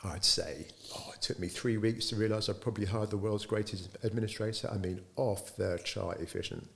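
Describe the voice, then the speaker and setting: A middle-aged man recounts his company's early days as an interview guest. His voice is a bit low and gravelly with some fry. He tells the story lively and slips into the voices of the people he quotes. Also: fairly quick. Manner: lively storyteller who acts out quoted dialogue. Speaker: business founder being interviewed.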